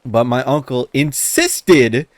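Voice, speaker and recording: A man co-hosting a podcast, telling a story in casual chat, animated, laughing as he talks and swearing often. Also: mid-range voice, slow pace, no echo. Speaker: podcast co-host.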